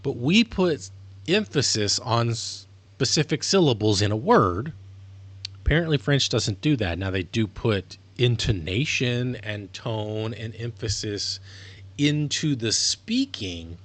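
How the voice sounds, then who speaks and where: A man's voice: medium pitch, lively intonation, takes it slowly. A man streaming live, talking casually in a rambling, self-correcting way as he explains things. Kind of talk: casual livestream monologue.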